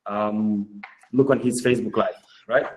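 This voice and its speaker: Enthusiastic Russian-accented webinar host. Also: male voice, on the low side, fairly even intonation, unhurried, poor audio. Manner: enthusiastic, informal. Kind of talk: hosting a webinar.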